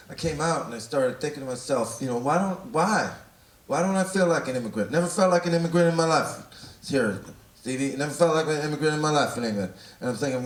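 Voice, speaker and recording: A Canadian man in his forties doing a profane, rambling stand-up routine that builds to loud rants. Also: a little high. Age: 40s. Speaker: stand-up comedian. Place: large theatre, indoors. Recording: roomy, distant, loud crowd and noise. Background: audience laughter.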